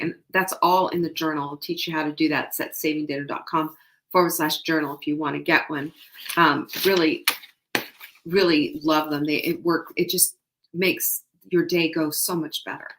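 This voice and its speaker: A woman's voice: low-pitched, a bit bright. A middle-aged woman hosting a show, giving motivational tips in an emphatic, conversational way and repeating key phrases. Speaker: show host.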